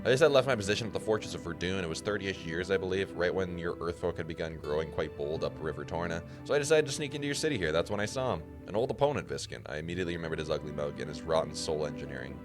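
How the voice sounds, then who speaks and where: Guy doing a chatty old skull wizard, low voice, gleeful rambles, half-held accent, music behind. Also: racing, few pauses, close to an everyday voice. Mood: storytelling. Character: ancient chatty boastful male talking skull mage. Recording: music playing underneath.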